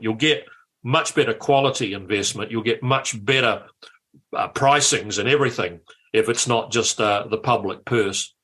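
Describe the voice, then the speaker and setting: An older man tells stories from his political career as a guest on a radio show. His voice is bright and forceful, and he is lively and quick to restart his sentences. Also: medium pitch. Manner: lively storyteller, repeats words at starts. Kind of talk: anecdotal interview chat.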